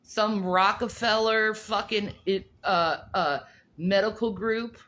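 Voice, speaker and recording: A woman's voice: medium pitch, takes it slowly, a bit bright. A woman from North Carolina co-hosting a podcast in casual chat, blunt and swearing freely. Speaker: podcast co-host.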